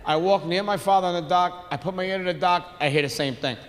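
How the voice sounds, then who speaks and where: A man doing stand-up comedy, telling animated stories, shouting punchlines and acting out his family. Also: high-pitched, quick pace. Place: large theater stage with audience. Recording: live hall reverb with audience noise.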